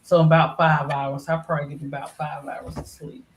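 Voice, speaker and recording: A woman's voice: low-pitched, flat delivery, moderate pace, a little hiss or hum. A middle-aged woman chatting casually as a live-stream panelist, rambling with lots of "you know" fillers. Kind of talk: casual chat. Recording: echoey room.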